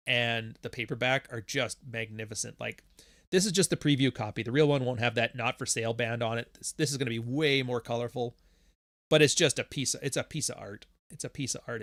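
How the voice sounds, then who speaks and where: A man's voice: mid-range voice, fairly bright tone, no echo. Male podcast host, casual livestream chat, swears freely and rambles, mid-range voice, dry close sound. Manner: profane, rambling, joking.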